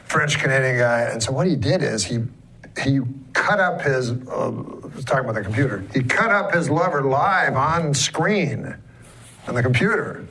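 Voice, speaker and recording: A man hosting a comedy talk show, telling jokes in a dry, halting way and laughing often. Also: medium pitch, expressive, sharp tone, a little hiss or hum. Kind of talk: casual comedic banter.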